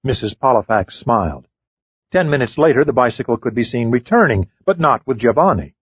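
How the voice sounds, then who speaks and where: A man reading a mystery audiobook in measured, scripted narration. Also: medium pitch, expressive, slightly rough, dry recording, muffled recording.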